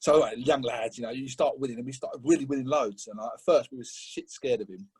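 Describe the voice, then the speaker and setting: A middle-aged man from England, a podcast guest telling an animated story in casual chat, often laughing and acting out what others said. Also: fast, husky. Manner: animated, laughing, acts out quotes with rising pitch.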